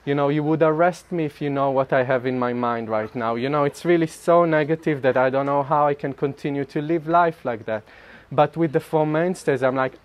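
A man giving a personal spiritual talk to a group, animated and self-mocking, often laughing mid-sentence. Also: fairly high pitch, fairly quick, hardly any pauses, muffled recording. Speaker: speaker sharing at a group retreat.

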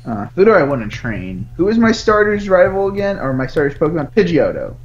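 A man's voice: fairly high pitch, sing-song, brisk, muffled recording. A man chatting casually while playing a video game, playful and teasing, muttering and humming along as he plays. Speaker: gaming streamer.

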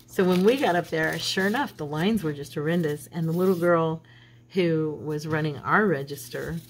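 Brief: lower-voiced woman crafter, rambling chatty storyteller, paper crinkling clearly behind. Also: moderate pace, a little hiss or hum, poor audio. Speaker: craft channel host. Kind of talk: casual chat while crafting.

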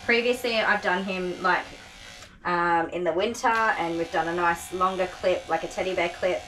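Tired aussie dog groomer lady, lowish voice, chatty, clippers buzzing loud in the background. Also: normal speed, a little hiss or hum, rough recording. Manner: chatty, soothing the dog between asides. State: tired, sore back. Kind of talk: casual vlog while grooming. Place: grooming room. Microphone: camera on a tripod.

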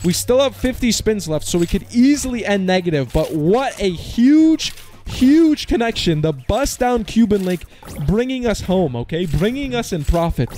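A young man in his twenties streams himself playing an online slot, giving excitable, casual commentary at normal speed in a high-sitting voice. He groans when he loses and shouts when he wins.

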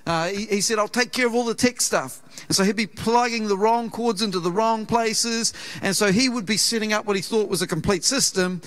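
A man with a New Zealand accent preaching a sermon in a church, telling a personal story with earnest, conversational warmth and acting out the voices in it. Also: sits high, fairly quick, hardly any pauses. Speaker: pastor. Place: church auditorium.

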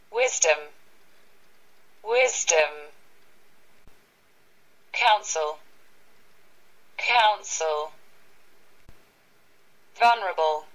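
A woman reading English vocabulary words one at a time for learners, saying each word twice with pauses between. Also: medium pitch, low-quality recording. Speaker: vocabulary reader.

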